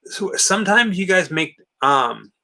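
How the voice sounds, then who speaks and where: A man's voice: high voice, big pitch swings, measured pace, gravelly, bright, forceful tone, slight background noise. A man co-hosting a late-night movie watch-party stream, chatting casually and reading out viewer comments before answering them. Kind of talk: casual live-stream chat.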